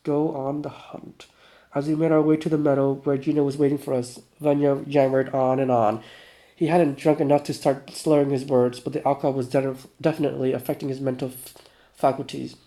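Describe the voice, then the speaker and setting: Man reading game text aloud, dark tone. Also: medium pitch, flat delivery, brisk. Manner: casual, stumbling over words and self-correcting. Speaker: gaming YouTuber.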